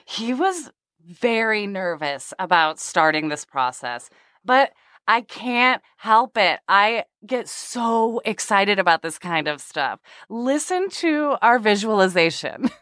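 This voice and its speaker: An excitable woman hosts a podcast and tells stories with bubbly energy, laughing often. Her voice sits in the middle range. The recording is dry and close. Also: medium pitch, slow pace, no room sound. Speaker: podcast host. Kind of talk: casual podcast chat and storytelling.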